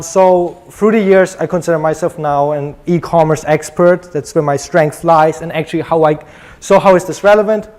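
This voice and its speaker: A man's voice: fairly high pitch, a little mellow. A young man from Germany with a German accent, giving a chatty, joking conference talk full of ums. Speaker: conference speaker.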